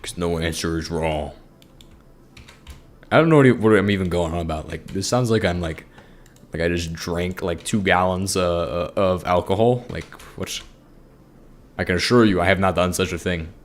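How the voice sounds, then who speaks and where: A man's voice: low voice, normal speed. A sleep-deprived man rambling goofily and mocking himself while commenting on a game. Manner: goofy, rambling, self-mocking. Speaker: Minecraft gaming YouTuber. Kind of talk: rambling casual commentary over gameplay.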